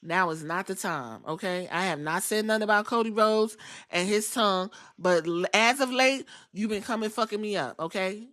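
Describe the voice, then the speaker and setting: Woman podcast host, bright and forceful tone, blunt and foul-mouthed, chatty storyteller. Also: mid-range voice, moderate pace. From outside the US. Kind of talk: casual recap podcast.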